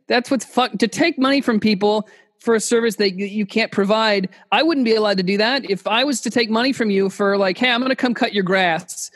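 High-voiced man ranting in mock outrage. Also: fairly bright tone. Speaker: podcast co-host. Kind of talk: casual comedic banter. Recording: remote call audio.

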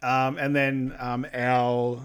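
A man co-hosting a podcast, recapping a film in a relaxed, agreeable way with many ums and yeahs. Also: mid-range voice, slow, clear, resonant tone. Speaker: podcast co-host. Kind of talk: casual chat recapping a film.

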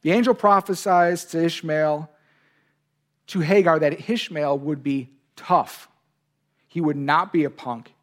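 A man's voice: on the high side, unhurried. Earnest male pastor preaching. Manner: earnest preaching, voices God's words with emphasis. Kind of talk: sermon.

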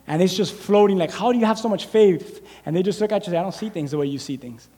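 A man's voice: high voice, fast talker, warm tone, husky. A man preaching a sermon, animatedly acting out the scripture story as he tells it. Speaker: pastor. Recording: long reverb of a large hall.

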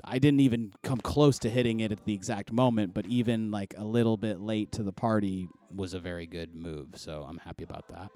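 Low mellow-voiced man rambling casually. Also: steady tone, fairly quick, hardly any pauses. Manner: rambling, loose, many fillers and restarts. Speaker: podcast host. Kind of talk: casual podcast chat.

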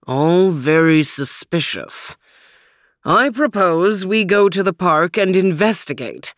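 A woman's voice: lowish voice, expressive, slow, no room sound, studio quality. A woman doing a ponderous big dog. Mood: thoughtful.

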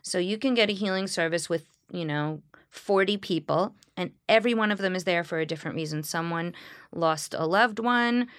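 A woman, a Reformed Jewish clergy member, speaking in a reflective interview with a smile in her voice and earnest, halting storytelling. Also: fairly low pitch, clean tone, no echo, clean studio sound. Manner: smiling, earnest storytelling with frequent pauses and restarts. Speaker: Reformed Jewish clergy leading healing services.

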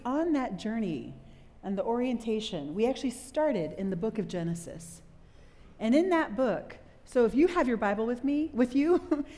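A middle-aged woman preaching a sermon to a live audience, telling a story with animated delivery and quizzing the listeners. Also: a little high. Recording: long hall reverb.

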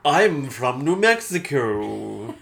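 An Irish man doing a mock American accent as a loud, slow, state-proud local man. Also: mid-range voice, sing-song, gravelly, slight background noise, heavily acted. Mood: booming proud. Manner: slow, loud, drawn-out declarations.

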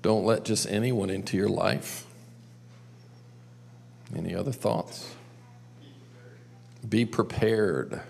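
A man's voice: lowish voice, steady tone, takes it slowly, creaky, pauses often, darkish tone. A man telling a story to a group and drawing lessons from it, coaxing them with questions. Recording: long hall reverb.

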